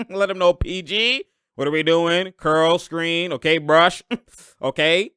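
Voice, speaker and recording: A young man giving loud, slangy live reaction commentary on a basketball game, laughing often and breaking into sudden outbursts. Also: fairly high pitch, slow pace, clear, resonant tone, dry recording, clean studio sound.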